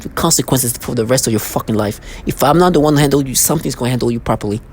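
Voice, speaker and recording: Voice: medium pitch, racing, a little mellow, slight background noise, low-quality recording. Heated, stammering ranting vlogger. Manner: heated, threatening, repeats and restarts words. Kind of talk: angry ranting monologue.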